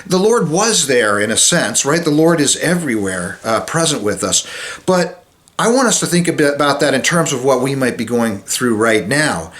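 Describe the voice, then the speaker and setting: Male chaplain, mid-pitched voice, casual devotional talk, halting and conversational, acts out Bible quotes. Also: sing-song. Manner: conversational, with many restarts and fillers; acts out Bible quotes, drops soft and low at solemn moments.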